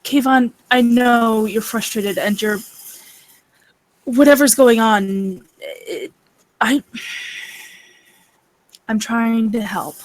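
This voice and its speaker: Slow, earnest woman playing her character. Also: fairly high pitch, rough recording. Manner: earnest, measured, pleading. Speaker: player. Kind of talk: in-character tabletop role-play.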